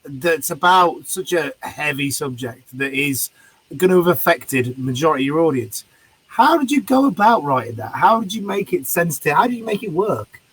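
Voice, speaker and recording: Husky man hosting an interview. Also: fairly high pitch, sing-song, moderate pace, a bit bright, poor audio. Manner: asks long, earnest questions, light teasing. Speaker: interview host. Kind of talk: podcast interview.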